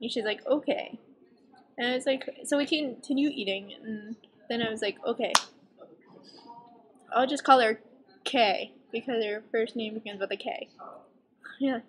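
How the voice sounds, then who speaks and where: A young woman tells a story to the camera for a casual vlog. Her voice sits fairly high, and she talks in a chatty, animated way, acting out the lines of the people she quotes. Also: moderate pace, long pauses, noisy background. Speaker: vlogger.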